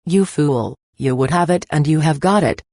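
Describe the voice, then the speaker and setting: A woman reading the part of a cruel, gloating middle-aged male poisoner with a slow, taunting manner. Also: sits low, darkish tone, no echo, clean studio sound.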